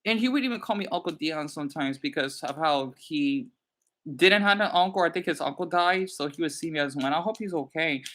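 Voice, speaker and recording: A man chatting casually on his live stream in a rambling, animated way, answering his chat and bluntly scolding trolls. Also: fairly high pitch, moderate pace.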